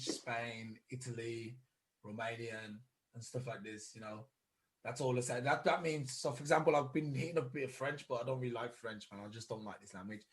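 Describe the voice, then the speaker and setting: A man co-hosting a podcast in casual chat, who explains at length and tries out foreign phrases. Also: medium pitch. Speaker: podcast co-host.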